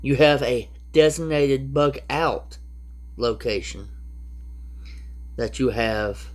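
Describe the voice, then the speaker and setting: A man with a drawl talks slowly through prepper advice in an easygoing, rambling way. His pitch sits in an ordinary middle range, and he keeps stopping to restart or tack on an aside. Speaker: prepper vlogger. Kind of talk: casual rambling how-to talk.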